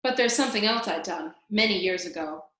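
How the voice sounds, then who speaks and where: Storybook: a rough-talking, remorseful prisoner, read by a woman, roomy echo. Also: mid-range voice, fairly quick, a bit bright, close to an everyday voice. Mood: confessing. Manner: rough, folksy grammar. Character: gruff guilt-ridden male prisoner.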